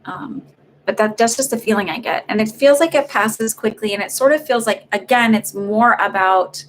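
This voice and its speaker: A woman's voice: on the high side, moderate pace, a little hiss or hum. Chatty woman giving live psychic readings. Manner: rambling, chatty, many fillers and restarts. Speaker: psychic medium doing paid readings. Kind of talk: live-streamed reading, casual chat.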